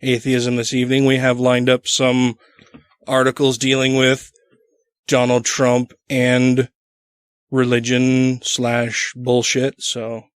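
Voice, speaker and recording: A man's voice: mid-range voice, monotone, slow pace, smooth, dry recording, clean studio sound. A man co-hosting a casual podcast, bantering and swearing freely. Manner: profane, laughing banter. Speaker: podcast co-host.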